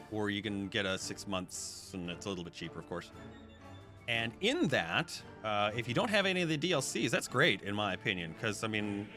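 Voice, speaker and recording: Guy streaming, lowish voice, rambling to chat w/ music playing behind. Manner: chatty, talks to his chat while playing. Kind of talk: live gameplay commentary. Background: background music.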